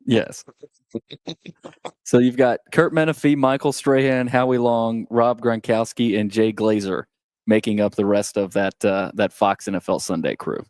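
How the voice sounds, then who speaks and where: A man's voice: fairly low pitch, fairly even intonation, moderate pace, a little mellow, no echo. A man reading a sports news update on a talk radio show, conversational and with small restarts. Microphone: studio microphone.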